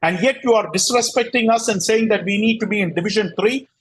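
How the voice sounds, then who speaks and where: A man's voice: high-pitched, fast, slight background noise, low-quality recording. A man hosting a cricket talk show, ranting in a combative, sarcastic way and often repeating himself. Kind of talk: heated casual rant.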